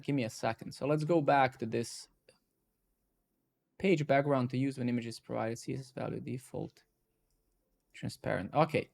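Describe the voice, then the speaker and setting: A man's voice: medium pitch, creaky. A man casually talking to himself and his viewers while coding live, swearing and bursting out when things work. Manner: talks to himself, swears, excitable outbursts.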